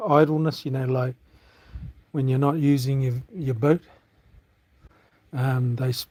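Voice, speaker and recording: A man's voice: mid-range voice, warm tone, dry recording. A man with a New Zealand accent chatting casually on a phone livestream outdoors on farmland, rambling and swearing offhandedly as he thinks aloud. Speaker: livestream vlogger. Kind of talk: casual live-stream chat.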